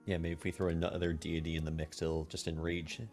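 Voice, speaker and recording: A man with a deep, flat voice weighs his options in a tabletop game, cautious and even. Faint music runs underneath. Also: brisk. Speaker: player.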